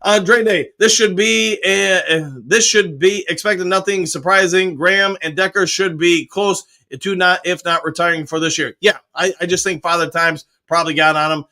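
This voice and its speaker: A man's voice: sits high, bright, forceful tone. A man hosting a casual live fan stream, reading viewer comments aloud and answering each one, with frequent cheers and "uh" fillers. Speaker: podcast host reading live chat.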